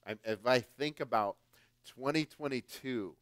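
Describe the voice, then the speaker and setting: A man from the United States, a guest pastor preaching a conversational, emphatic sermon that swings between louder and softer. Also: mid-range voice, unhurried, no echo.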